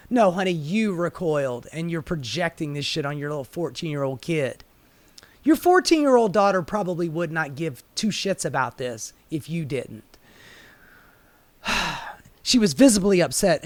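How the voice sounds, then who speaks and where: A man with a fairly high voice rants through a news story in sarcastic, profane commentary. His delivery is heated and mocking. The sound is dry and close, with no room around it. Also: very animated, moderate pace, dry recording. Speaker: commentary host.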